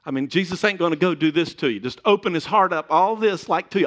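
A man's voice: fairly high pitch, fast talker, hardly any pauses, fairly bright tone. A middle-aged man preaching a sermon in a conversational way, with joking asides to the congregation. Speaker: pastor.

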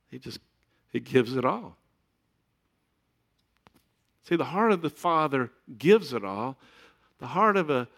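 A man's voice: medium pitch, fairly bright tone. A middle-aged man preaching a sermon in a conversational way, with joking asides to the congregation. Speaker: pastor.

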